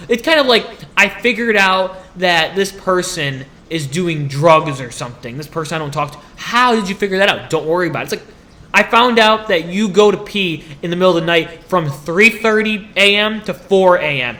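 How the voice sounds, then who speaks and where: Animated ranting young man. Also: sits high, fairly quick. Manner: animated complaining, acts out dialogue. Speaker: student vlogger. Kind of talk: comedic rant to camera.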